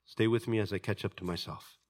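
A man preaching a sermon, swinging from loud, high outbursts to hushed, low passages and acting out the voices of people in his stories. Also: a little fast. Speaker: pastor.

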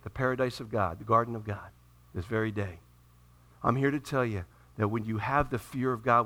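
A man preaching a sermon to a congregation, moving from calm teaching to loud, impassioned delivery as he acts out voices from the scripture. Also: medium pitch. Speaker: pastor.

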